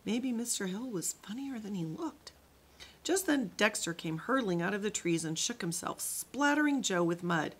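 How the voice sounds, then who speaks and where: Teacher reading a kids' chapter book aloud, a woman with animated, expressive delivery. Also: on the low side, normal speed.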